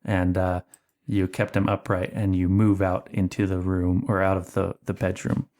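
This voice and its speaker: A man narrating as game master of a tabletop horror game, relaxed and thinking aloud with fillers, over an online call. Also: low-pitched, normal speed.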